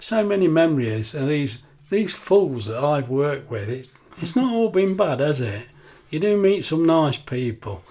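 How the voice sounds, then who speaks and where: A man's voice: a little high, very animated, measured pace, dark tone. Chatty older man in kitchen. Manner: chatty, rambling anecdotes, laughs often. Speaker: cooking vlogger. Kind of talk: casual kitchen vlog chat.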